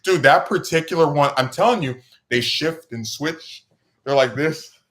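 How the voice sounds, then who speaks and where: On the high side and at normal speed, this man's voice carries a rambling podcast story told as casual chat. As host, he gets animated, with his voice springing up when excitement hits.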